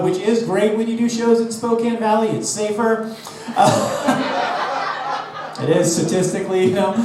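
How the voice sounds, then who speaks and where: A man performs a stand-up comedy set with brash, profane, self-mocking jokes. His voice sits high for a man and reaches the mic from a distance. It echoes heavily around the venue, with audience laughter clearly heard. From Los Angeles, USA.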